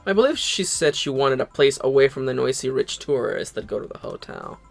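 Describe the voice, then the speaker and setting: A man reading the lines of a tough, guarded woman boss from a game aloud, with a dry, deadpan delivery. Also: medium pitch, brisk, gravelly, faint music behind. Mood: wry.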